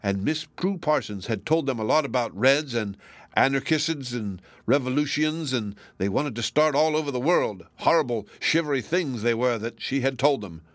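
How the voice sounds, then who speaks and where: A man reading a children's storybook aloud in a lively, expressive way. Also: mid-range voice, normal speed, dry recording. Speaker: narrator.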